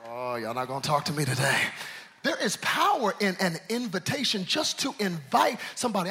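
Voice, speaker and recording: A man preaching a sermon, calling out to the congregation and swinging from hushed, low asides to shouted climaxes. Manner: preaching with call-and-response, swinging from quiet to shouting. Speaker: pastor.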